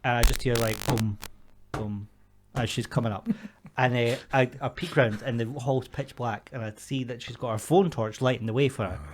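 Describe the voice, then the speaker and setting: A man's voice: medium pitch, normal speed, slight background noise. A Scottish man co-hosting a podcast, telling a story in casual chat and often laughing through it. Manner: lively storyteller, laughs through his own tales. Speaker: podcast co-host.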